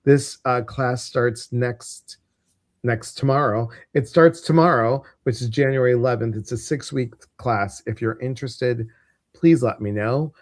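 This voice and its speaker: A man's voice: medium pitch, measured pace, dry recording, clean studio sound. A man with a Midwestern American accent hosting a casual livestream, chatty and rambling with lots of fillers. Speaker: host.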